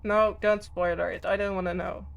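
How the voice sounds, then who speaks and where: A woman's voice: mid-range voice, level tone, moderate pace, vocal fry, clean tone. A woman streaming a game live, chatting and reacting casually to what happens on screen.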